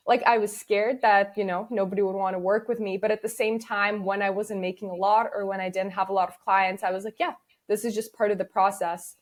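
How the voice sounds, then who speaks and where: A young adult woman, a business founder guest in an interview, telling stories casually and acting out the dialogue she quotes. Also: medium pitch. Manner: lively storyteller who acts out quoted dialogue.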